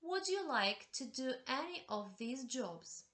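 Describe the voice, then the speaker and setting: Slow, bright-voiced woman teacher. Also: sits high, sing-song. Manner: slow, deliberate, giving step-by-step instructions. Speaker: English teacher. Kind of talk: classroom instruction.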